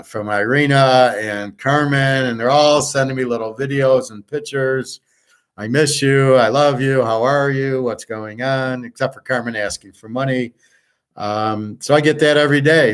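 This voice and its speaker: A middle-aged man rants on his own live stream, blunt and foul-mouthed. His pitch sits in an ordinary middle range for a man, and he swings between quick outbursts and slower, drawn-out asides. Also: clean tone. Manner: profane, blunt, ranting. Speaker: sports handicapper and show host. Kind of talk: casual live-stream rant.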